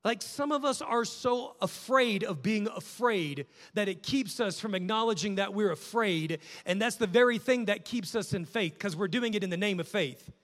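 A male pastor preaching a sermon with passion, swinging from loud urging to hushed prayer. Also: high-pitched, animated, moderate pace, few pauses. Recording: long hall reverb.

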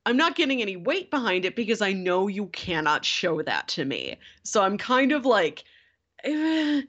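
A woman co-hosting a casual podcast chat, relaxed and filling her talk with "like". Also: mid-range voice, moderate pace, highs cut off. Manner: relaxed, frequent "like" fillers. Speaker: podcast co-host.

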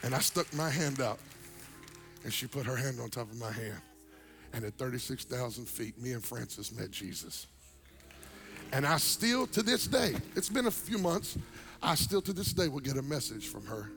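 A male pastor telling a story in a sermon, animated and comedic, swinging between loud punchlines and soft, earnest moments. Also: medium pitch, normal speed, creaky, faint music behind.

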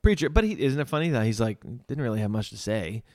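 Lively man co-hosting a podcast. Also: mid-range voice, quick pace, dry recording, studio quality. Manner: animated, laughs often, reads quotes with flair. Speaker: podcast co-host. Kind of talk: casual chat and reading aloud.

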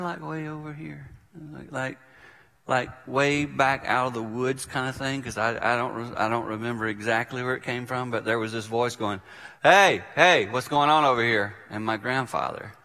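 An older man, a preacher, telling a personal story in a sermon and acting out the voices in it, sometimes dropping to a hush. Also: fairly low pitch. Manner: vivid storyteller who acts out quoted voices. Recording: reverberant hall.

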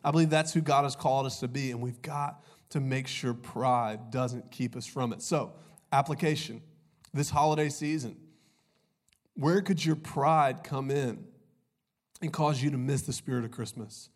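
Pastor with a cold. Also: male voice, mid-range voice, normal speed. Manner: conversational, jokey, says "y'all" often. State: recovering from a cold, voice a little off. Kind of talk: sermon.

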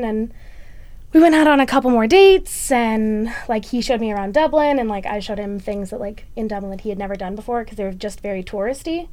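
Chatty young woman, bright storytelling. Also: a little high, brisk. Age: young adult. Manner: chatty, animated, lots of "like". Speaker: college student interviewee. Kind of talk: storytelling interview.

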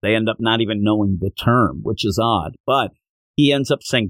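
Brief: young male podcast host, lively swooping delivery, dry close sound. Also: lowish voice, moderate pace, no room sound. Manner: animated storytelling, acts out the characters' lines. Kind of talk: manga chapter recap.

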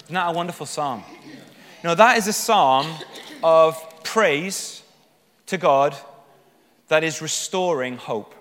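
A man preaching a sermon, reading psalms aloud and speaking emphatically, lifting his voice with passion at the high points. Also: expressive, slow pace, long pauses, fairly bright tone. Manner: emphatic, rising with passion when voicing the psalmist. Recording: long hall reverb.

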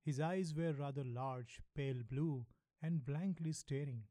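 Mellow, measured male narrator. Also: on the high side, no room sound. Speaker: audiobook narrator. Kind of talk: first-person novel narration.

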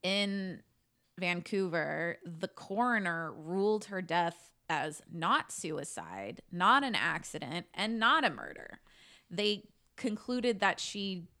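A woman's voice: fairly low pitch, lively intonation, slow, bright, forceful tone. A woman telling a true-crime case to her co-hosts in a casual, chatty way, swearing now and then and saying "like" a lot. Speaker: podcast co-host telling a case.

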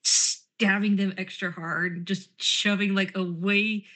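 Bright-voiced woman with sarcastic banter. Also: medium pitch, flat delivery, slow pace. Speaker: tabletop role-play player. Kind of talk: in-character tabletop role-play with narration.

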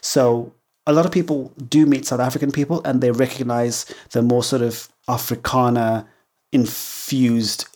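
A man's voice: fairly even intonation, normal speed, a little mellow. A man from Zimbabwe with a Zimbabwean English accent, hosting a solo podcast in a chatty way and acting out quoted voices. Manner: chatty, acts out quoted voices with big pitch jumps. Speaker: podcast host.

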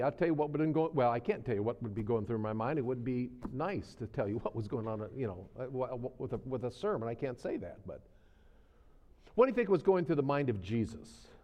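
A male pastor preaching in a folksy, conversational way, with a voice of ordinary middle pitch. He repeats phrases for emphasis and lets his voice fall soft at the ends of points. His voice carries a long reverb from a church sanctuary. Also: lo-fi sound. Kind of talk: sermon.

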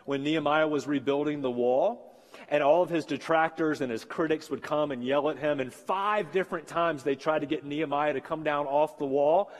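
Man, pastor, 40s, earnest sermon, repeats key phrases, slightly high voice, echoing church hall. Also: normal speed. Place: church sanctuary.

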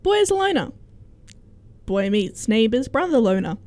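A woman's voice: on the high side, sing-song, darkish tone, no room sound. Young woman reading reviews casually. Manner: reads aloud, quick asides. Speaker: co-host reading reviews aloud.

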